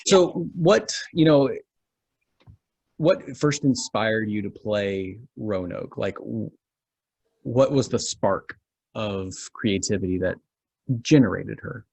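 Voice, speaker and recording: A man's voice: fairly low pitch, animated, slow pace, gravelly, pauses often, darkish tone, slightly rough. A man hosting an interview, casually prompting his guest with questions. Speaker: podcast host.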